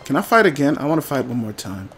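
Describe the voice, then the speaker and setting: A man giving casual, jokey commentary while playing a video game, breaking into loud outbursts. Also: mid-range voice, big pitch swings, fast, music in the background. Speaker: gameplay commentator. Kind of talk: casual let's-play commentary.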